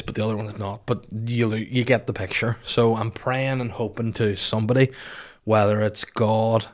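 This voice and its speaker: A man in his thirties hosting a solo podcast, telling self-mocking stories casually with lots of swearing into a studio microphone. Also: lowish voice. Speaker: podcast host.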